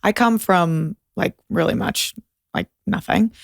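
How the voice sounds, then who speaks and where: A woman's voice: on the low side, measured pace, gravelly, dry recording, clean studio sound. A young woman from Boston with a light Boston accent, a guest talking frankly in a casual interview, with lots of filler "like"s. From Boston, USA. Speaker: podcast guest.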